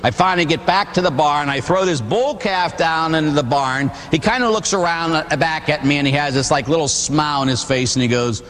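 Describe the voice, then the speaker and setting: A middle-aged man from Pittsburgh, a Catholic priest giving a humorous storytelling sermon, animated and theatrical. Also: a little high, a little fast, few pauses, soft background music. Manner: animated, theatrical, acts out voices. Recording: long hall reverb.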